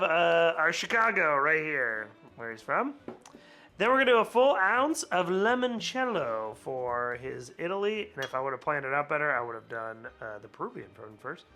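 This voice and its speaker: A fairly high, pushed and bright male voice leads a relaxed cocktail-making vlog. The host is a touch hungover, and he keeps up a chatty, laugh-filled flow with meandering asides.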